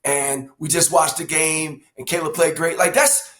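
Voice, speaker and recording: A man's voice: fairly high pitch, normal speed. A man, telling family stories on a podcast and acting out quotes. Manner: animated storyteller, acts out quotes. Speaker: father of the hosts, former coach. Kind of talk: casual family podcast storytelling.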